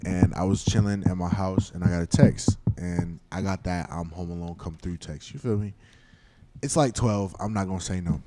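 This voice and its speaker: A man casually telling a long, animated story to friends on a podcast, swearing often and acting out the quotes. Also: low-pitched. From Florida. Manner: animated, slangy, swears a lot, acts out quotes. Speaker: podcast host.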